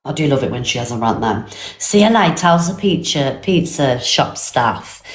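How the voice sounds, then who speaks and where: Low-voiced woman gossiping on a live stream. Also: animated, moderate pace. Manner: chatty, gossipy, drops to a whisper for secrets. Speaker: live streamer reacting to clips. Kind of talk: casual live-stream chat. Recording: roomy echo.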